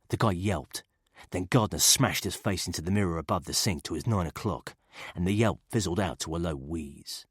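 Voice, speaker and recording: A man giving steady, measured scripted narration of a thriller audiobook. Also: low voice, breathy edge, dry recording, clean studio sound.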